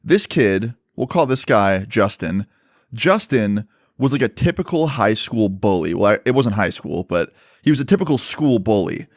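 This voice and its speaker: A man casually telling a story from his school days, animated and swearing freely with lots of fillers. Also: fairly low pitch, moderate pace, no echo, clean studio sound.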